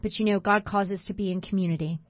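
A woman's voice: medium pitch, fairly even intonation, quick pace, no echo. Lo-fi woman hosting a faith talk show. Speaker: radio show host. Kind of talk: Christian talk show chat. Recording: dull lo-fi sound.

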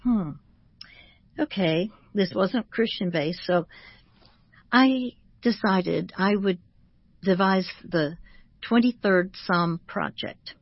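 A woman who is a Christian author, speaking as a guest on a radio talk show in a measured, teaching manner and slowing down to stress each word. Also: mid-range voice, husky, no echo, muffled recording.

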